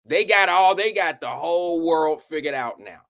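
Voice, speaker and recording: A man's voice: a little high, moderate pace. A man hosting a live stream show, talking casually and telling stories in a rambling, profane way. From Ohio. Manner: animated, profane, rambling storyteller. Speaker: show host.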